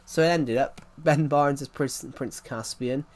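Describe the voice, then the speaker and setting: A man's voice: a little high, unhurried. A man giving casual gameplay commentary as a channel host, rambling and often repeating and correcting himself as he talks.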